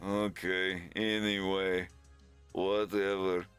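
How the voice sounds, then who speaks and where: A man voicing a jaded young male lizard heir who talks in a flat, terse, deadpan way. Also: sits low, slow pace, smooth, soft background music. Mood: bored.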